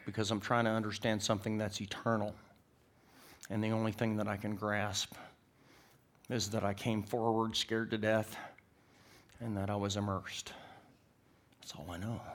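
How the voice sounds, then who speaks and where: Male pastor, lowish voice, sermon delivery that swings between forceful emphasis and near-whispers. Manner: swings from loud emphatic preaching to hushed whispers.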